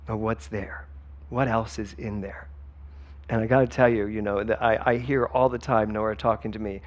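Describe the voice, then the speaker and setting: A man giving a sermon as a spiritual director, emphatic and conversational, talking straight to the congregation. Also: medium pitch. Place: church sanctuary.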